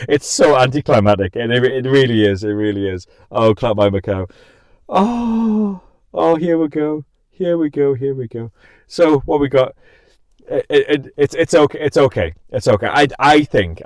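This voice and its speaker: A man's voice: medium pitch, darkish tone, dry recording. Giggly, scattered young man chatting live. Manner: giggly, scattered, self-interrupting. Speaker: podcast and stream host. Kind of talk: casual live-stream chat.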